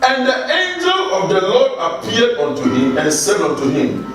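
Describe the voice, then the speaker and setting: High-voiced man preaching in an echoey hall. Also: wildly swooping pitch, normal speed, a bit bright. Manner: exhorting, repeats lines for the congregation to echo; reads scripture aloud and comments on it. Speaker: pastor. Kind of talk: sermon. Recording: echoey hall, distant mic, music behind.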